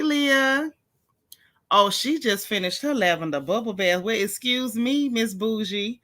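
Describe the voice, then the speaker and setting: A woman's voice: a little high, pushed and bright. A woman hosting a late-night livestream, chatting casually and greeting viewers as they join. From US central time zone. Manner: chatty, drawling, calls viewers honey and y'all.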